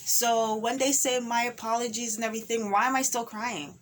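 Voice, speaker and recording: A woman's voice: a little high, fairly even intonation, a little fast. A woman speaking an impassioned personal monologue, emphatic and repetitive, full of rhetorical questions.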